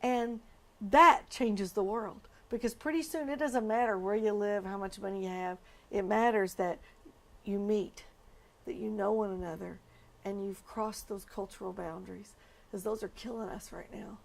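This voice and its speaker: A woman's voice: mid-range voice, fairly even intonation, moderate pace, vocal fry. A woman pastor speaking in a documentary interview, earnest and emotional as she tells her story.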